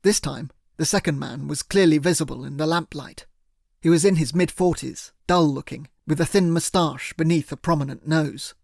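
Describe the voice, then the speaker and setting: A man narrating an audiobook in the first person, in a measured, steady way. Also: a little high, gravelly, dry recording, studio quality.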